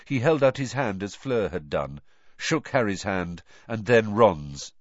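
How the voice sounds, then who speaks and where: Expressive male audiobook narrator. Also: fairly low pitch, measured pace, no echo, muffled recording. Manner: expressive, animated reading.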